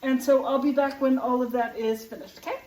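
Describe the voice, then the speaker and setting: Woman home cook, casual vlog chatter, candid and rambling; high voice, recorded at a distance in an echoey kitchen. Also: steady tone, a little fast, darkish tone, a little hiss or hum. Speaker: home cooking vlogger. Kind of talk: casual cooking vlog chat. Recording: roomy kitchen, voice off-mic.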